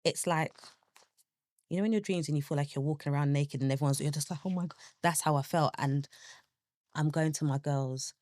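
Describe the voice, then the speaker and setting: Young woman, low pitch, candid guest who tells her story animatedly. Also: fairly quick, no room sound. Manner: animated, acts out her own past thoughts in quoted asides. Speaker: podcast guest.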